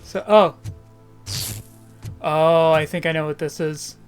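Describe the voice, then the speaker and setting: Woman, streamer, casual gameplay chat, joking, somewhat low pitch. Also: steady tone, takes it slowly, soft background music. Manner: chatty, joking, reacting to the game and chat.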